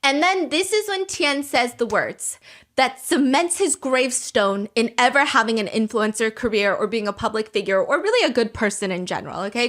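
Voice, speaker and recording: A woman's voice: a little high, a bit bright. A young woman hosting a podcast, retelling reality dating drama in a sarcastic, gossipy, casual way and acting out what people said. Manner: gossipy and sarcastic, acts out quotes. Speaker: podcast host recapping a dating show. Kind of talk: casual storytelling chat.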